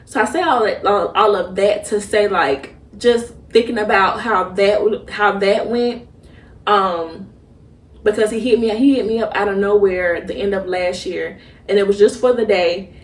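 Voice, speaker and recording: A young woman hosts a podcast, talking through a personal story in a halting, emotional way with many restarts. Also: mid-range voice. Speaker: podcast host. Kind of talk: personal reflective monologue. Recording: roomy echo, mic at a distance.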